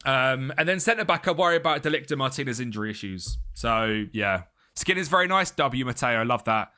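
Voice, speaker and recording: A man's voice: medium pitch, lively intonation, brisk, bright, forceful tone. A young man, chatting casually with his live-stream chat and greeting viewers by name.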